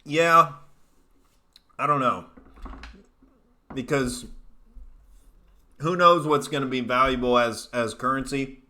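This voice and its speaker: A man with a bright, forceful voice hosts a casual comedy live stream. He rambles through profane, jokey rants between chat comments. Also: medium pitch, fairly even intonation, takes it slowly, long pauses. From United States.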